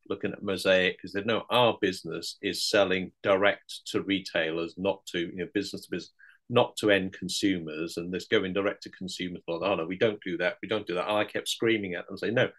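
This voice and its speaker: Low-voiced chatty male host. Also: a bit bright. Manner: chatty, rambling, many fillers. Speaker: interview host. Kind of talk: conversational interview.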